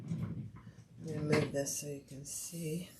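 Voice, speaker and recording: A woman's voice: low-pitched, level tone, slow, heavy background noise. A woman hosting a live sewing stream, chatting casually as she works and greeting viewers by name. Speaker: sewing livestream host. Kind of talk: casual live crafting chat. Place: home sewing room.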